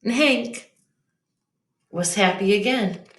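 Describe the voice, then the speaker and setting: A woman teacher reading a children's picture book aloud, slow and expressive, in an echoey room. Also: mid-range voice.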